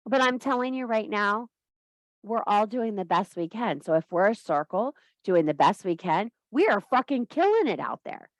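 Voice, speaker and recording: A woman's voice: mid-range voice, big pitch swings, moderate pace, no room sound. Woman, witchcraft teacher, casual lecture, blunt and swearing, frequent laughs, dry close sound. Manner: blunt, profane, fired-up pep talk; laughs often mid-sentence.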